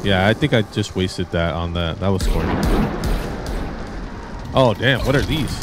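A man's voice: sits low, lively intonation, measured pace, pauses often, over loud music. A man giving casual, rambling gameplay commentary as a YouTuber, easily exasperated and laughing often. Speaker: gaming YouTuber. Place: home room with white background.

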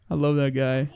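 A young man giving loud, crude, excitable commentary while playing a video game. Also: on the high side, no room sound. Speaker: gaming YouTuber. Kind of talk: let's play commentary.

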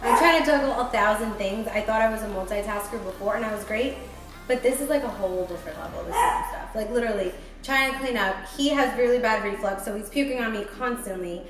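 A woman's voice: medium pitch, quick pace. A woman vlogging casually from her home kitchen as a busy new mom, chatty and upbeat, with lots of "like" and "literally". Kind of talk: casual vlog chat.

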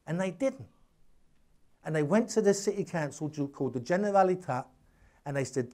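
A man's voice: fairly high pitch, normal speed, pauses often. A man giving a public lecture, telling anecdotes emphatically, in bursts with restarts and asides. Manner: emphatic, animated storytelling. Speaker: guest lecturer.

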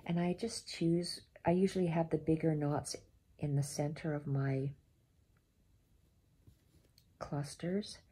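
A woman giving a step-by-step embroidery tutorial at home, softly counting her stitches aloud and often dropping to a half-whisper. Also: low-pitched, little pitch movement, slow pace, pauses often, husky. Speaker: embroidery instructor.

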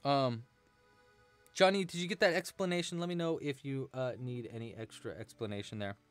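Guy hosting a crochet livestream, casual chatty talk, answers chat, soft music in the back. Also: mid-range voice, moderate pace. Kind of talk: casual live-stream tutorial chat.

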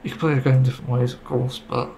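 A man's voice: mid-range voice, flat delivery, fast, vocal fry, warm tone, slight background noise, poor audio. A man giving a casual, rambling opinion monologue about a game, getting frustrated and swearing casually. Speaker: gaming video creator.

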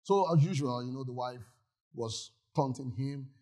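Husky-voiced man preaching a sermon. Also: medium pitch, normal speed, mellow. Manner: emphatic preaching, asks the congregation questions. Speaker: pastor. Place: church.

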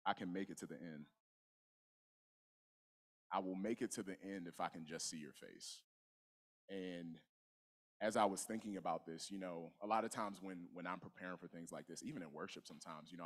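A young man preaching a sermon in a church, telling his story in a relaxed, conversational way with frequent restarts. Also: deep voice, brisk. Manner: conversational, testimony-style preaching with many restarts and "you know". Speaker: guest preacher. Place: church sanctuary.

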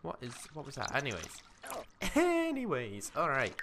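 This young gaming commentator talks to his character in a life-simulation game, keeping up casual let's-play commentary with game music behind him. His medium-pitched voice is expressive, bright, and forceful, and he goes at a quick pace. There's slight background noise.

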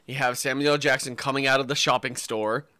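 A British man co-hosting a comedy podcast, pitching silly movie ideas in casual chat. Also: fairly even intonation, fairly quick, bright, forceful tone, clean tone, no echo, clean studio sound. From Britain. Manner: jokey, pitches ideas and slips into silly voices. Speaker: podcast co-host.

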